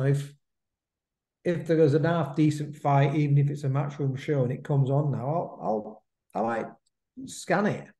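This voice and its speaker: This is a man in his fifties chatting on a podcast, his voice dark and mellow. He loops back on his phrases and tags them with "isn't it?" The sound carries a noticeable room echo. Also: mid-range voice. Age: 50s. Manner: chatty, repeats himself, drops in "mate" and "isn't it?" tags. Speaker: podcast co-host. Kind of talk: casual chat about boxing. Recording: roomy echo.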